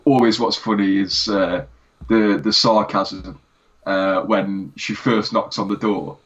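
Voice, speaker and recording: A man co-hosting a casual podcast review. He talks in an animated way and laughs while retelling funny scenes. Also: lowish voice, slow pace, background noise. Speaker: podcast co-host. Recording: dull lo-fi sound.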